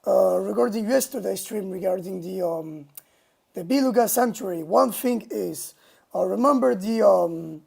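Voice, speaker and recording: A man streaming a casual monologue, talking in a halting, indignant way from a home mic setup. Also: high voice, gravelly, darkish tone, breathy edge. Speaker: livestreamer.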